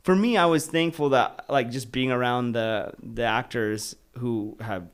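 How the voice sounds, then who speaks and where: A man's voice: medium pitch, a little slow, clear, resonant tone. A man hosting a podcast, talking casually and eagerly affirming his guest. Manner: eager, affirming, says "dude" and "yeah". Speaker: podcast host. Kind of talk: casual interview talk.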